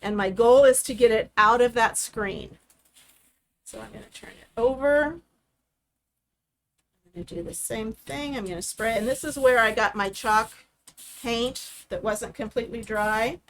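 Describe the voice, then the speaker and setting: A woman's voice: on the high side, unhurried, pauses often, slight background noise. Chatty woman demonstrating a craft. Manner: chatty step-by-step explaining. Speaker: craft host.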